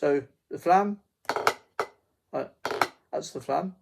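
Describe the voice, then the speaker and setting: Gravelly man teaching drum basics. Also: on the high side. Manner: halting, many fillers and restarts, counts beats aloud. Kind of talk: casual drum lesson. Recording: faint noise with drum pad clicks.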